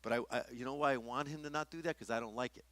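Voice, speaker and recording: A man's voice: medium pitch, steady tone, racing, fairly bright tone, no echo. A middle-aged man teaching a workshop in a conversational sermon style, often restarting his sentences. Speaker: workshop speaker.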